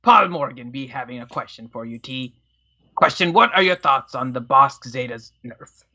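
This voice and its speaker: A man's voice: medium pitch, expressive, normal speed, pushed and bright, muffled recording, exaggerated voice. A man putting on a pirate voice, with "arr" and "be" talk, as he reads out questions on a casual gaming stream. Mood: hammy. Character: hammy male pirate reading chat questions.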